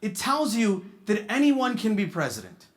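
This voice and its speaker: Man doing stand-up at a charity gala, high-pitched and punchy, animated storytelling. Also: normal speed. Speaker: stand-up comedian. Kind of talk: stand-up comedy.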